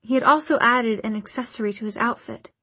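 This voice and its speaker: A woman narrating a novel in a measured, even storytelling manner. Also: a little high, husky, no room sound. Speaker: audiobook narrator. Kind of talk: scripted narration.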